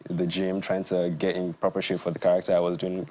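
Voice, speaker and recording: A young man, an actor being interviewed on TV, speaking in a measured, earnest way with many fillers. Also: low voice, completely flat delivery, dark tone, muffled recording, a little hiss or hum. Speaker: actor, guest. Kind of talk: studio interview.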